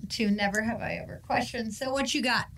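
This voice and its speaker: A woman's voice: on the high side, steady tone, a little fast, fairly bright tone, slight background noise. Brash, profane middle-aged woman. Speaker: podcast co-host. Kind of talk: casual banter.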